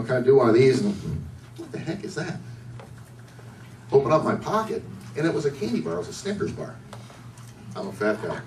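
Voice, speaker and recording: A man doing a stand-up set at a bar comedy night, with a loose, rambling delivery, often asking the crowd questions. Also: medium pitch. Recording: echoey room, distant mic, faint noise.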